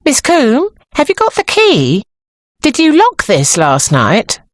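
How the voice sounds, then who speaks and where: A woman with an English accent voicing an anxious, easily frightened woman assistant in an audiobook, in a high, fretful, breathy voice. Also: wildly swooping pitch, takes it slowly, no room sound, studio quality, exaggerated voice. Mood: uneasy. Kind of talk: audiobook character voice.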